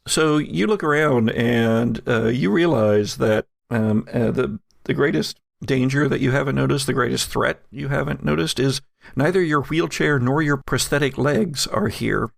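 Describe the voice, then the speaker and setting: A man runs a tabletop game as game master in a gravelly, mid-pitched voice. He explains things with hesitant ums and uhs. The sound is dry and close. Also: normal speed, dry recording.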